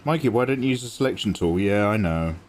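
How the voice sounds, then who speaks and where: A man's voice: lowish voice, lively intonation, quick pace, darkish tone. A young man, chatting casually with viewers and explaining his drawing as he works on a livestream. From England. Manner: chatty, reads and answers chat, explains as he works. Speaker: livestream artist.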